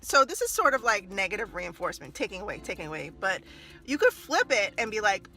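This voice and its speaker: A mother and former early childhood teacher gives parenting tips in a casual vlog to camera, animated and laughing often as she acts out little scenes. Her mid-range voice moves at a quick pace.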